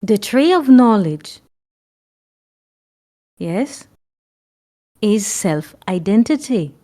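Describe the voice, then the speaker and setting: Slow, emphatic woman teaching. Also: mid-range voice, a little mellow. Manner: earnest, emphatic, repeats phrases, blunt swearing. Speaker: spiritual teacher. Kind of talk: spiritual teaching talk.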